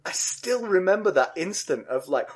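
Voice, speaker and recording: A middle-aged man co-hosting a podcast, telling a funny story with lots of laughter and sudden high yelps. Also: expressive, normal speed. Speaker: podcast co-host. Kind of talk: casual chat and animated storytelling.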